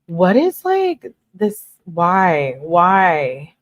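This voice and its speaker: A woman's voice: fairly low pitch, wildly swooping pitch, very slow, no echo, muffled recording. A woman reads a couple's text messages aloud and breaks in with sarcastic, exasperated remarks. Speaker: true crime commentator. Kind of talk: reading texts aloud with commentary.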